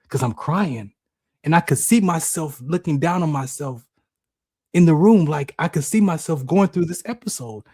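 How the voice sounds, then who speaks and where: A man's voice: normal speed, slightly rough, no room sound, clean studio sound. A man co-hosting a talk show, telling a personal story with emotion and acting out voices in his head. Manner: emotional, animated, acts out inner voices in high shouts. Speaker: podcast co-host.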